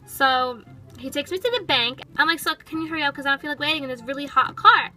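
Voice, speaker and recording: A woman's voice: high voice, fast talker, bright, forceful tone, faint music behind, low-quality recording. A woman voicing a sassy, impatient pet toy girl, narrating a toy storytime with sarcastic, valley-girl chatter.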